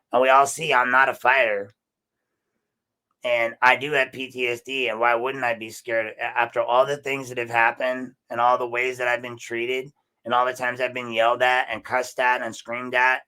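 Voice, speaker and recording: A man's voice: mid-range voice, sharp tone. Emphatic man hosting a podcast. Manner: emphatic, repeats words, addresses listeners as folks. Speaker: podcast host. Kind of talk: commentary on a council meeting.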